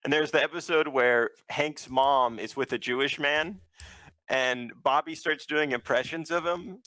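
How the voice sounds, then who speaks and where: A man's voice: on the high side, unhurried, pushed and bright, no room sound, rough recording. A man calling in as a guest to a show, chatting casually and joking, laughing often. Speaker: call-in guest. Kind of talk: casual chat.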